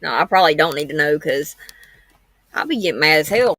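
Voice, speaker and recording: A woman's voice: sits low, animated, a little fast, fairly bright tone, dry recording. A woman hosting a true-crime livestream from home, rambling in a frank, homespun way. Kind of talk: casual livestream chat.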